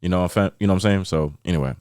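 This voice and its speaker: A man from New York hosting a podcast, venting about sports in a rambling, animated way with many repeats. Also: sits low, very fast, clean tone, no echo, clean studio sound. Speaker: podcast host. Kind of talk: casual solo podcast chat.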